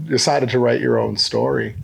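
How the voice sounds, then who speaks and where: A man's voice: mid-range voice, steady tone, normal speed, creaky, fairly bright tone, breathy edge. A man hosting an interview podcast, affirming and conversational. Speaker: podcast host. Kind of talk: casual interview chat.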